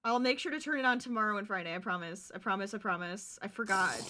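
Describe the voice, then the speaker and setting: A woman streamer chatting with her viewers while she crochets, bubbly and quick to giggle. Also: mid-range voice, background noise.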